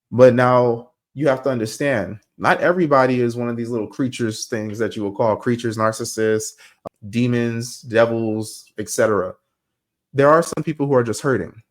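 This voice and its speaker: A young man hosting a podcast, talking casually and telling stories in a slangy, animated way. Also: mid-range voice, normal speed. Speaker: podcast host. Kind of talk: casual monologue.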